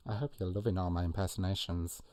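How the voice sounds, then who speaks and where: A man's voice: low-pitched, fairly even intonation, quick pace, dark tone, no echo. A man hosting a casual live quiz, jokey and self-mocking, with plenty of ums. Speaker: quiz host.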